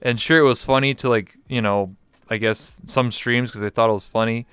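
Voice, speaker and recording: A man's voice: medium pitch, steady tone, normal speed, fairly bright tone, clear, resonant tone, no room sound. A man from Canada, a guest talking in a candid, reflective way with many fillers. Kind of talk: casual interview chat.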